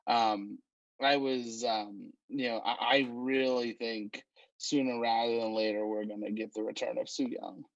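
A man co-hosting a podcast, casually recapping a wrestling show in an unhurried way, with frequent fillers and restarts. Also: mid-range voice, steady tone, creaky, dry recording, dull audio.

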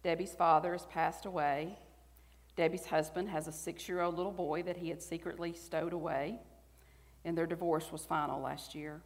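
A woman's voice: fairly low pitch, a little mellow. A woman in her forties with a Southern US accent, giving a sermon that builds to emphatic, rising exhortation. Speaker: speaker. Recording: long hall reverb.

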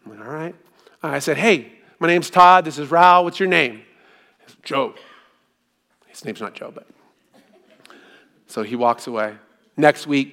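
A man preaching a sermon in an easygoing, conversational way, asking rhetorical questions and telling stories with gentle humor. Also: fairly high pitch, brisk, pauses often. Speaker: pastor.

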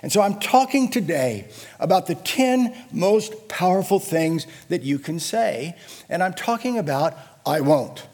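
A middle-aged man preaching with a husky, slightly raised voice that rises and falls widely. He takes his time, stretching his phrases out slowly. His delivery swings between hushed, low passages and loud, emphatic declarations. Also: animated. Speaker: pastor. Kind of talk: sermon.

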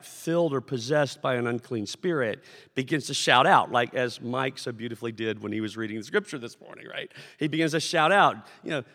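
A man preaching a sermon to his congregation, conversational and animated, acting out shouted lines as he tells stories. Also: medium pitch. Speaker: pastor. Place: church sanctuary. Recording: long hall reverb.

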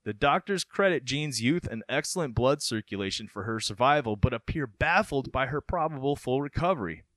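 An expressive man whose pitch swings widely as he reads an article and riffs on it. He is animated and often breaks into laughter. The recording is close and dry. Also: a little fast, no room sound. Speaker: podcast co-host. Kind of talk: reading a news story, casual chat.

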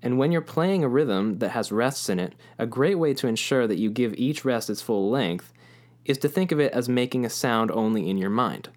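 A man's voice: mid-range voice, lively intonation, normal speed. A man teaching a music lesson, patiently explaining rhythms and chanting rhythm syllables aloud.

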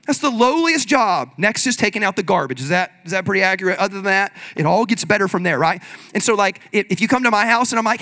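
A man preaching a sermon in an energetic, conversational way, leading the congregation in call-and-response. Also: high voice, quick pace. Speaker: pastor.

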